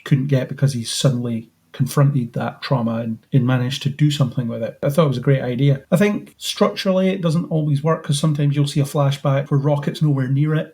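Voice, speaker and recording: A man co-hosting a podcast, discussing a film in a measured, analytical way. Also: medium pitch, dark tone. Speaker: podcast co-host.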